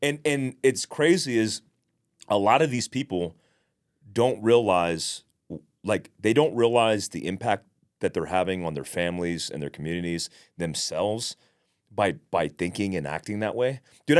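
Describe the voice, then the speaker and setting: A man co-hosting a podcast, telling stories in a blunt, profane, casual way. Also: deep voice. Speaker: podcast co-host.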